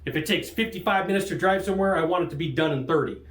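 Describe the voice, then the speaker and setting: Lively, jokey man with a raised voice. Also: very fast. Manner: lively, jokey, laughs often, big pitch jumps. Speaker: sales trainer and show host. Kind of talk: energetic coaching monologue. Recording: roomy echo.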